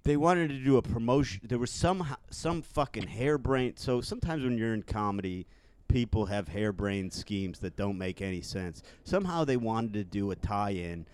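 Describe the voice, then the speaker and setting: A man's voice: on the low side, animated, moderate pace, darkish tone, slight background noise. A man who writes comedy, telling rambling, profane anecdotes on a casual podcast.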